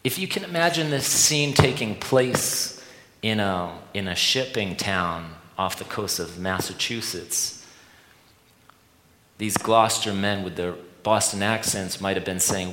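Deep-voiced preacher in an echoey hall. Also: male voice, measured pace, sharp tone. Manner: earnest, repeating a refrain with many restarts. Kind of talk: sermon. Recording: echoey hall with long reverb.

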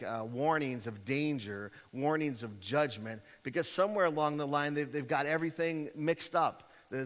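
A man's voice: mid-range voice, fairly bright tone. A man preaching a sermon in a conversational, storytelling way, acting out the people in his stories. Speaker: pastor. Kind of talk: sermon with a joke. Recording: long hall reverb.

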